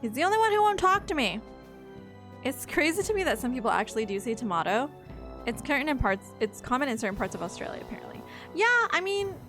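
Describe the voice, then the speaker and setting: A young woman with a slightly high voice, rambling through a live game stream. She talks casually and drifts off topic, breaking into swearing when something frustrates her. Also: fairly bright tone. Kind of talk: casual live-stream commentary while playing.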